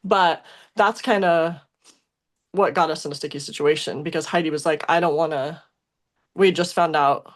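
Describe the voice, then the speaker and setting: A woman's voice: low-pitched, fairly even intonation, normal speed. A young adult woman on a podcast, talking in a casual, emotional way about a past relationship, with lots of fillers and restarts. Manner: emotional, rambling with many fillers and self-corrections. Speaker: podcast co-host. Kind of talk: casual conversational storytelling.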